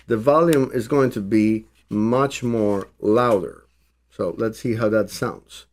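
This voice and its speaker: Male tech reviewer, mid-range voice, slow and deliberate, second-language English, demo style with frequent restarts. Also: mid-range voice, a little mellow. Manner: thinks aloud with frequent restarts and fillers. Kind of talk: hands-on product demo.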